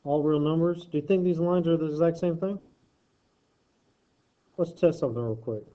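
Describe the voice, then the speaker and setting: A man's voice: a little high, normal speed, dark tone. Male math teacher, casual worksheet walkthrough, jokey and self-correcting, slightly muffled audio. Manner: joking asides while working problems aloud; thinks aloud, self-correcting.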